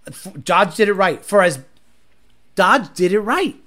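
Animated, profane livestream host, male. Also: sits high, a little slow. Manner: crude, rambling, profane banter. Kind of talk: casual live-stream chat.

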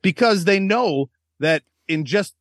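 A man's voice: high voice, slow, no room sound, studio quality. A man co-hosting a podcast, telling crude stories in casual chat with a lot of laughter. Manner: crude, animated storytelling with frequent laughs. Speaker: podcast co-host.

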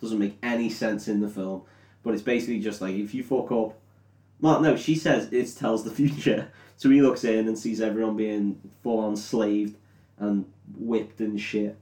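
Brief: tipsy podcast host, giggly and sweary, roomy echo, a bit off-mic. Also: male voice, fairly low pitch, fairly even intonation, mellow, recorded from a distance. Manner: laughs often, swears, acts out characters in quick voices. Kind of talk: drunken comedic film recap.

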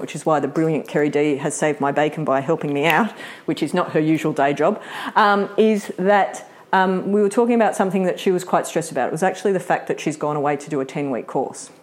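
A chatty, middle-aged woman teaches a live workshop in a fairly low voice. She laughs easily and slips into acted-out quotes as she explains. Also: a little mellow. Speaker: workshop presenter.

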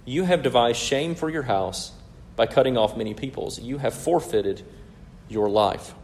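Preaching an expository sermon, a man explains things emphatically at a measured pace, frequently asking "right?". His medium-pitched voice is animated, creaky and darkish, with a bit of hiss or hum in the background.

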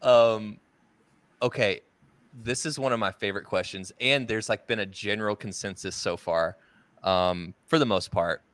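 A man's voice: lowish voice, normal speed, fairly bright tone, dry recording. A man hosting a casual interview, easygoing, with frequent laughs and filler words. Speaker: podcast host.

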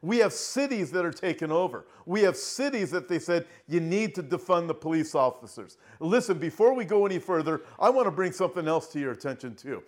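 Earnest preaching man, a bit high. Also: big pitch swings. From Southern California. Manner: earnest, emphatic, slows down and rises when reading scripture. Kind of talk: online prophecy sermon.

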